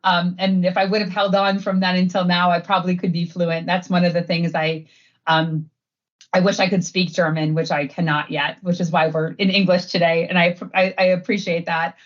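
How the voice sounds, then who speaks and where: A head of sustainability from Wisconsin, middle-aged and female, appears as a relaxed interview guest, filling her talk with "um," "like," and frequent laughter. Her lowish voice is flat and at a normal speed, captured in lo-fi sound.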